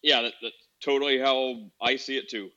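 A man's voice: medium pitch, fairly even intonation, moderate pace, bright, forceful tone. A man hosting a social audio room, chatting in an easygoing way and leaning on fillers. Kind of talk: casual chat. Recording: dull lo-fi audio.

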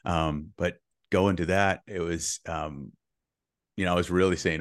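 Podcast guest, middle-aged man, very deep voice, earnest storyteller, dry close sound. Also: fairly even intonation, unhurried, dry recording. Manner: earnest, reflective, with short laughs. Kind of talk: conversational storytelling.

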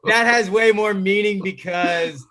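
A man's voice: high voice, unhurried. A man guest telling a story in casual chat, swearing freely and laughing between words. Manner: animated, swearing, laughing mid-sentence.

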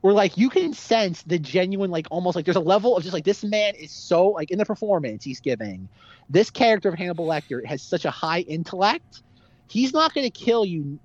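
A man's voice: sits high, normal speed, dry recording, lo-fi sound. A man co-hosting a casual movie discussion podcast, rambling with lots of fillers. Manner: rambling, filler-heavy, animated. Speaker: podcast co-host.

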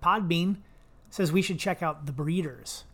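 A man's voice: on the high side, unhurried, a bit bright, faint music behind. A man from the Philadelphia area co-hosting a podcast in casual chat, rambling and joking, often trailing off mid-sentence. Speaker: podcast co-host.

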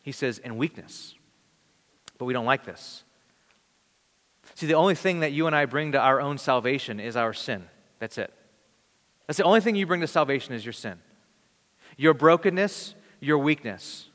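A man preaching a sermon in an earnest, conversational way, with dramatic pauses. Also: mid-range voice, animated, a bit bright. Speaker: pastor. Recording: long reverb of a large hall.

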